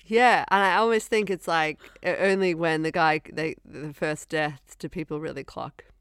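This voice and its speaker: A woman's voice: low voice, steady tone, moderate pace, fairly bright tone, clean tone, no room sound. Young woman chatting casually, very dry sound. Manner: laughing often, acting out quoted lines. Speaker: podcast co-host. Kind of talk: casual chat.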